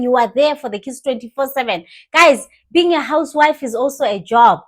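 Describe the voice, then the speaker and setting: A young woman with a South African accent giving animated, casual commentary, switching languages mid-sentence and laughing often. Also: sits high, fairly quick, few pauses. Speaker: commentary vlogger.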